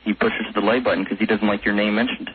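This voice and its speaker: A man calling in to a radio show, telling a story in a halting, giggly way. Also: on the low side, level tone. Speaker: regular prank caller. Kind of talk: phone call to a radio show. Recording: noisy phone line.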